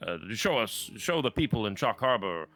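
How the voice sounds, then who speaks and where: A man's voice: lowish voice, big pitch swings, a bit bright, soft background music. A man voicing a theatrical male circus ringleader in a tabletop game, grandiose and pushy, stretching his words. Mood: persuasive. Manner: grandiose, wheedling, drawn-out.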